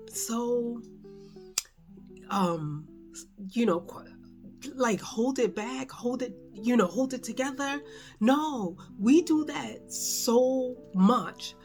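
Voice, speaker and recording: Slow-talking woman in a candid home vlog. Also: mid-range voice. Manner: emotional, candid, rambling with many fillers. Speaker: vlogger. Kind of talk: unscripted personal vlog. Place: at home indoors.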